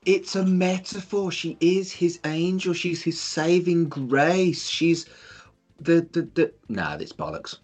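A man's voice: fairly high pitch, animated, takes it slowly, darkish tone, faint music behind. A man chatting casually on a podcast, sarcastic and self-mocking about films. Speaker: podcast co-host. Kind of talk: casual chat.

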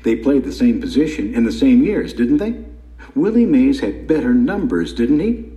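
A man's voice: mid-range voice, very animated, normal speed, warm tone, highs cut off, voice pushed up, close to an everyday voice. A man voicing an older male baseball lover who questions a boy firmly and emphatically, in a roomy echo. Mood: challenging.

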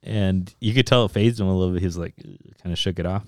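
Smooth-voiced man chatting about soccer. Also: sits low, fast, dry recording, studio quality. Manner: animated, swears, switches between English and Spanish. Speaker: soccer podcast co-host. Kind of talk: casual sports chat.

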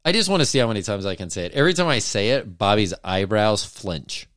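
Smooth low-voiced man joking around. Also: sing-song, quick pace, a bit bright, dry recording, studio quality. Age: middle-aged. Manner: joking, teasing, profane. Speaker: podcast co-host. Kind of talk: casual chat.

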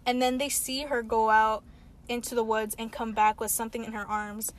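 A woman's voice: a little high, level tone, moderate pace. A woman casually recapping a movie, rambling and filling her talk with "like". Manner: rambling, heavy use of "like", acts out quotes.

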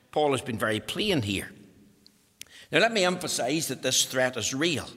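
Emphatic preacher, bright voice. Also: male voice, fairly high pitch, breathy edge, long reverb tail. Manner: emphatic, building to forceful exhortation. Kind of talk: sermon.

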